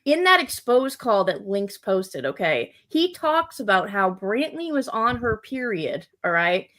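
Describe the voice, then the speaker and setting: A woman guest on a live-streamed chat show, talking in an excitable, blunt way about online gossip. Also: mid-range voice, unhurried. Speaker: podcast guest.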